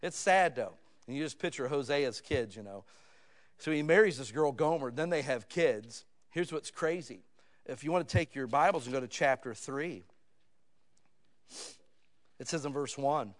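A man in his fifties preaching a sermon, talking with his listeners in a storytelling way that swings from hushed asides to loud, excited moments. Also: mid-range voice, normal speed. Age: 50s. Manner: conversational, addresses listeners as "guys". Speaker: pastor.

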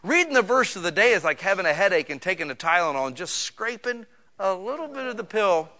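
A male pastor preaching a sermon in a church, joking and casual, swinging from quiet asides to loud bursts. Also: high-pitched, sing-song, fast talker.

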